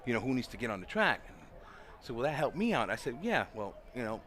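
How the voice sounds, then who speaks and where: A man who coaches track, giving color commentary at an outdoor meet and telling lively stories. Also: medium pitch, fast. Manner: animated storyteller, voices quoted people loudly. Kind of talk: live sports commentary with storytelling.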